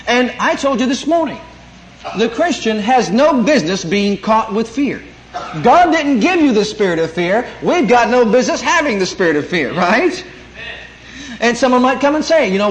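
A man's voice: very high-pitched, very animated, moderate pace. A man preaching a sermon, emphatic and calling out for amens as he teaches. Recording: echoey room, faint noise.

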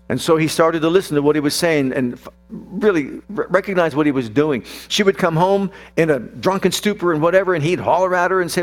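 A man delivers a sermon in a somewhat high voice, earnest and building to fervent prayer. A low electrical hum sits under the recording. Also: fast talker. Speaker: preacher. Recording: mains hum behind the voice.

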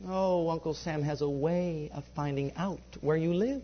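A man preaching in a conversational storytelling way, animated and laughing often as he gives a testimony. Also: on the high side, moderate pace, a little hiss or hum. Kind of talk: sermon storytelling. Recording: dull lo-fi recording.

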